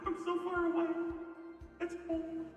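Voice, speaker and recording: A man playing someone frightened and lost in a dark cave, whining in a raised voice through a voice changer that makes him sound far away. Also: very high voice, completely flat delivery, measured pace, heavy reverb, big-room sound, soft background music, pitched above the performer's own voice. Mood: scared. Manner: whiny and panicky. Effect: voice changer making the voice sound far off.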